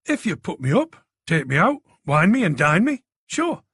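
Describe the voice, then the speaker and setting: Man doing a cheeky young tech guy, bantering, quick, higher pitch, husky. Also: very animated, a bit bright, no room sound, studio quality, full character voice. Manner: cocky, bantering.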